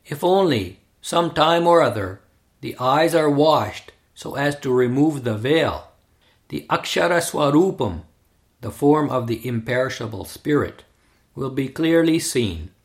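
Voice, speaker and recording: A man reading a first-person memoir aloud in a measured, deliberate way. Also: mid-range voice, expressive. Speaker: reader. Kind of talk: scripted narration of a memoir.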